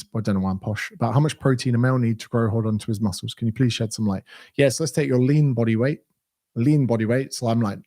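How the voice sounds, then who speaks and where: A man's voice: medium pitch, darkish tone. A man in his thirties with a southern English accent, a fitness coach answering viewer questions in a blunt, sweary, ranting way. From England. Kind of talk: casual Q&A livestream.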